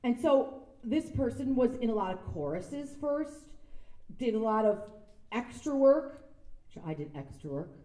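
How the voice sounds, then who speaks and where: A woman's voice: fairly high pitch, animated, a little slow, mellow, far from the mic. A woman giving a casual speech at an event, chatty and self-deprecating, acting out the quotes in her stories. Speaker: guest speaker. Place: sound stage event space. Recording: echoey room.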